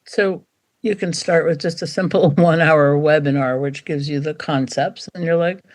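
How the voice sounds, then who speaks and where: A woman dog behaviour expert talking as a podcast guest, animated and acting out quotes as she explains. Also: sits low, moderate pace. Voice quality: animated, acts out quotes, gravelly. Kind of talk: podcast interview conversation.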